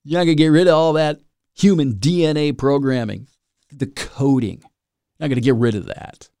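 A man's voice: on the high side, normal speed, mellow, clean tone, dry recording, clean studio sound. A man hosting a solo podcast, rambling and self-mocking with dramatic asides. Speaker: podcast host.

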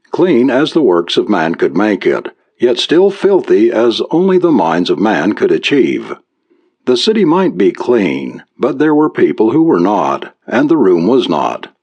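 A man reads an audiobook in a measured, expressive style. His very low voice swings lively in pitch, and he lets the descriptive passages unfold at a steady storytelling pace.

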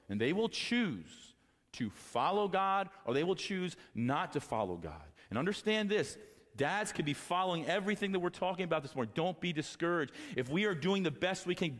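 Man preaching a sermon in a hall. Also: a little high. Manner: impassioned preaching, swings from quiet to loud. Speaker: pastor. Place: church sanctuary.

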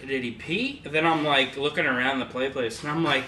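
A man's voice: medium pitch, fairly quick, a loud crowd. A man casually telling a funny story, laughing often and acting out the quotes. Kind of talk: casual chat. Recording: echoey room, distant mic, background noise.

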